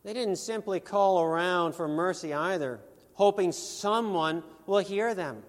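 A man with a high voice preaches a sermon slowly and deliberately. He presses his points in an earnest, emphatic way, with pointed rhetorical questions, and his voice rings with a long echo through a large hall. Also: expressive.

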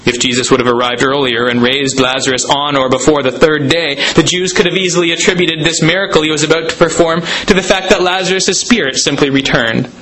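A male pastor delivers a sermon in a somewhat high voice. He preaches dramatically, stretching out words for emphasis and building to strong points. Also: fairly even intonation, brisk, hardly any pauses, bright, forceful tone, slight background noise, rough recording.

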